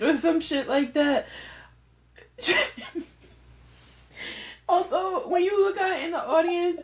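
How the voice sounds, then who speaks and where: A woman's voice: very high voice, takes it slowly, long pauses, darkish tone. A woman co-hosting a podcast, chatting casually and animatedly, often laughing as she tells a story. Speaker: podcast co-host.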